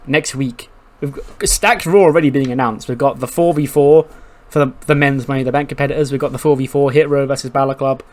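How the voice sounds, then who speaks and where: Animated man narrating a sim game. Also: mid-range voice, fast, few pauses. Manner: animated, profane. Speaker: gaming commentator. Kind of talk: casual let's-play commentary.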